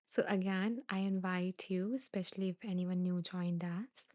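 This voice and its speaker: Woman, podcast host, reading live comments, gentle, emotional, near tears, low voice, flat even delivery. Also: slow pace, no room sound, studio quality. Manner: soft-spoken, gentle, often laughing softly.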